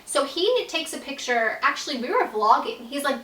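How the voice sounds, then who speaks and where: Chatty young woman with a bright voice. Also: high-pitched, sing-song, moderate pace, far from the mic. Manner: chatty, fills nearly every phrase with "like", swears freely. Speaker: YouTuber telling a personal story. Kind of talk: casual storytime vlog. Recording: roomy echo, voice set back from the mic.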